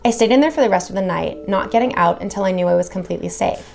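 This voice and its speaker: A woman's voice: medium pitch, rapid-fire, vocal fry, over music. A woman hosting a video channel, reading horror stories aloud and then chatting casually with viewers, swearing freely and gushing.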